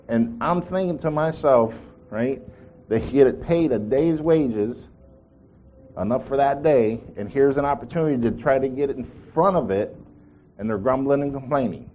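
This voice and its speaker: A man's voice: medium pitch, dark tone, slight background noise. A man preaching a sermon, telling a story with quoted voices and asking the congregation questions.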